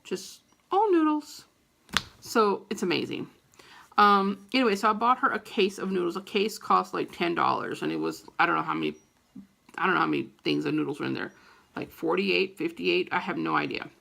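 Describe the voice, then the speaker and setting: A middle-aged woman vlogger telling a story to camera in a casual, animated, profane way, with a gravelly voice. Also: on the low side, fairly quick.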